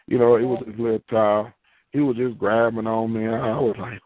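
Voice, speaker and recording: A man's voice: lowish voice, level tone, normal speed, no echo. A man preaching in a loose, conversational way, repeating phrases and building into fervent prayer. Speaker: pastor. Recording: tinny phone-line radio audio.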